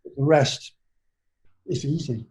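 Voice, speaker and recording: A man in his seventies with an English accent, a guest telling his life story in a rambling, halting way full of restarts. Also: a little high, fairly even intonation, darkish tone, low-quality recording. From England. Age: 70s. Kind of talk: personal storytelling in an interview.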